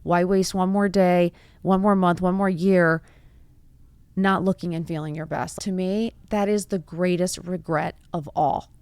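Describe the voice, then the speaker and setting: A woman's voice: on the low side, steady tone, unhurried, darkish tone, clear, resonant tone, no room sound. A woman in her forties hosting a motivational talk show, speaking earnestly in strings of rhetorical questions that rise into emphatic bursts. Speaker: podcast host. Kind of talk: motivational monologue.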